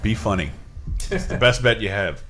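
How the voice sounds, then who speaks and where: A man's voice: on the low side, lively intonation, moderate pace, a bit bright, soft background music. A man co-hosting a live reaction chat, making dry, mumbled asides. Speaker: podcast co-host.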